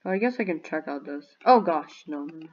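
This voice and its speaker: A young woman giving bubbly, excitable commentary on a video game and cheering at her finds. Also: low-pitched, fairly quick, muffled recording. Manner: bubbly, excitable, squeals and shouts in surprise. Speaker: gaming YouTuber.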